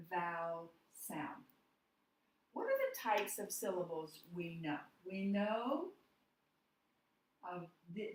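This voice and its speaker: A woman teaching a phonics lesson, explaining step by step and often checking in with "okay". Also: medium pitch. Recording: roomy echo, distant mic, faint noise.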